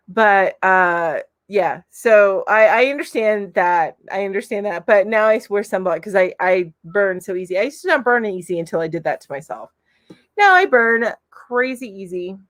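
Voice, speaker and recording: A woman's voice: medium pitch, a little slow. A chatty, upbeat woman in her forties from Florida, hosting a casual live stream where she reads viewer comments aloud and laughs often. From Florida, USA.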